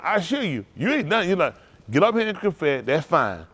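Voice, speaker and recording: Pastor, male, higher-pitched, preaches with a call-and-response drive, from loud to hushed. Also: brisk. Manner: rousing call-and-response preaching, Southern Black church cadence; animated, swings between loud and hushed. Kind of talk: sermon.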